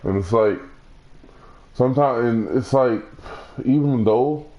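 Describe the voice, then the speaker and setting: A young gaming streamer talks casually about a video game he plays, rambling with lots of fillers and restarts. His voice is medium-pitched and slow, and the recording sounds muffled.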